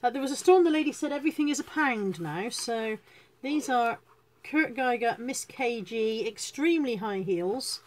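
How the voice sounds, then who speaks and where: Woman chatting away on a live stream, bit high-pitched, jokey and self-deprecating. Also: animated, moderate pace, a little hiss or hum. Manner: chatty, self-deprecating, greets viewers as she goes. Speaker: reseller hosting a live stream. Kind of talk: casual live-stream chat.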